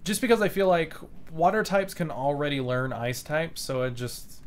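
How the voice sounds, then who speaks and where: A man's voice: a little high, lively intonation, moderate pace, slight background noise. Rambling, foul-mouthed male game streamer. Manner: rambling, swears freely, chuckles often. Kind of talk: live gameplay commentary.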